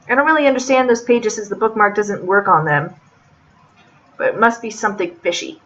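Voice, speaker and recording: A woman chats through a visual novel playthrough with a snarky, swear-heavy manner at a middling pitch. Her home mic sounds dull and lo-fi. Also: brisk, a bit bright. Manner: chatty and sarcastic, swears freely. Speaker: game let's player. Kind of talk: casual let's-play commentary reading a visual novel.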